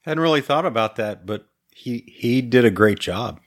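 A man's voice: medium pitch, expressive, moderate pace. A man co-hosting a casual book discussion podcast, adding short agreeing remarks. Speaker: podcast co-host.

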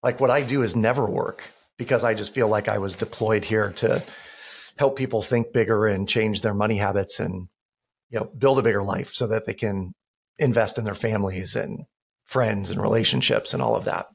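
Low-pitched man, gravelly, podcast guest, earnest storyteller. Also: steady tone, normal speed. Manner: storytelling with quoted dialogue, earnest. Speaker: guest, financial expert. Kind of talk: casual podcast conversation.

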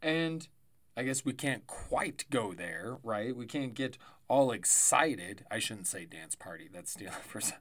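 A man's voice: lowish voice, animated, measured pace, fairly bright tone. Tired guy rambling thru football stats on his podcast, chatty, keeps correcting himself. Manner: rambling, chatty, self-correcting with asides and laughs. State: tired, yawning. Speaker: fantasy football podcast host. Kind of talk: casual solo sports podcast.

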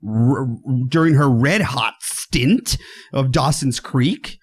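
Excitable man co-hosting a film chat. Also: slow, slightly rough. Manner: enthusiastic, self-mocking, swears, jumps in pitch when excited. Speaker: podcast co-host. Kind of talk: casual movie review chat.

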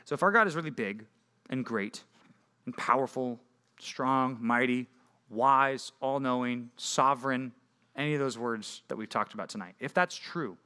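A young man preaching a sermon to junior high students in an animated, conversational way, full of rhetorical questions. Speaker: youth pastor.

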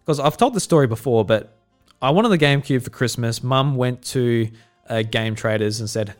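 A man's voice: mid-range voice, lively intonation, moderate pace, soft background music. A young man from South Australia, hosting a casual podcast and telling stories in a rambling way, with many restarts. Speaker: podcast host.

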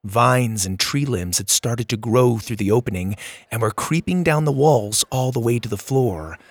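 A man narrating a children's adventure audiobook, reading with expressive character voices. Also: medium pitch, normal speed, no echo, clean studio sound.

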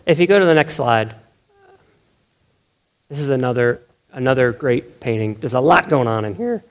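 A male pastor gives a sermon in a loose, talky style. He restarts his sentences and keeps checking in with a quick "right?". His voice sits in a middle pitch, and he laughs easily. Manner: conversational, self-correcting, keeps asking "right?"; animated, laughs often.

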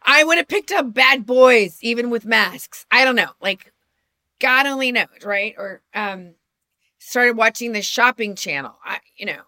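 A woman's voice: on the high side, animated, measured pace, pushed and bright, dry recording, clean studio sound. A middle-aged woman co-hosting a podcast, telling personal stories in a chatty, self-deprecating way with frequent restarts. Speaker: podcast co-host. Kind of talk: casual storytelling chat.

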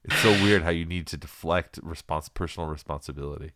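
A man's voice: a bass voice, fast talker, background noise. A man in his thirties co-hosting a podcast, chatting casually and jokingly with lots of fillers. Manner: joking, rambling with many fillers. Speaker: podcast co-host. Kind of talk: casual chat.

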